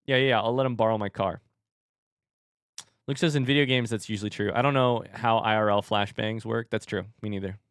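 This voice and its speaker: A man's voice: fairly low pitch, steady tone, a little fast, smooth, no room sound, studio quality. A young man casually commenting on a game he is playing live, chatting with viewers, reading their messages aloud and swearing now and then. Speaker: streamer. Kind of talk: casual let's-play commentary.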